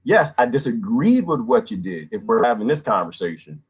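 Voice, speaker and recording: Casting: husky middle-aged male livestream host, lively up-and-down delivery, chatty and blunt. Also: medium pitch, brisk. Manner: animated, talks to viewers and reads comments aloud. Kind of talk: casual livestream monologue.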